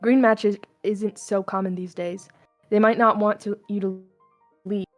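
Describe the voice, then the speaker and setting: A woman reading a stern young male skeleton soldier who gives low, commanding instructions. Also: fairly even intonation, a little slow, soft background music, lightly acted. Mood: instructing.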